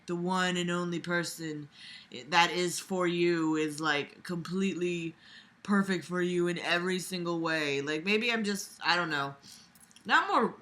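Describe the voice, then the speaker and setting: Sarcastic woman with a very bright voice. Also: fairly low pitch. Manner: sarcastic, profane, many fillers. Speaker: reader of a fan story. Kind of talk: dramatic reading with mocking commentary.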